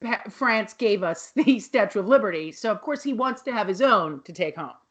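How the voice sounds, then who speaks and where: A woman's voice: mid-range voice, lively intonation, normal speed. A woman co-hosting a podcast, recapping a TV episode in casual chat, swearing and acting out the characters' lines. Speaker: podcast co-host.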